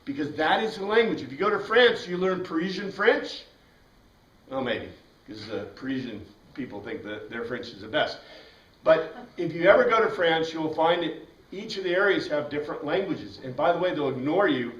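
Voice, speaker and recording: Male Bible teacher lecturing a class, lively and questioning, recorded from a distance in an echoey room. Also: fairly high pitch, normal speed. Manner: animated, asks the class questions, frequent "right?".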